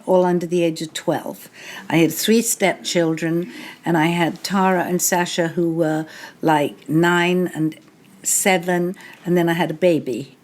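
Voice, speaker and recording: Older English woman telling wry anecdotes. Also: on the low side. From England. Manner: anecdotal, wry, laughs often. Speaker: guest author. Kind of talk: live interview storytelling. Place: bookshop event before an audience.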